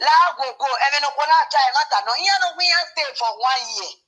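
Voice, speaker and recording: Woman, fast bright chatter, high voice, casual call-in tone. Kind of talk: casual chat.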